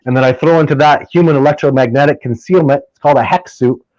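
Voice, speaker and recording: A man guesting on a casual interview, telling stories in an animated, emphatic way and often restarting his sentences. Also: medium pitch, fast talker, no room sound. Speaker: podcast guest, field researcher. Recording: dull lo-fi dry sound.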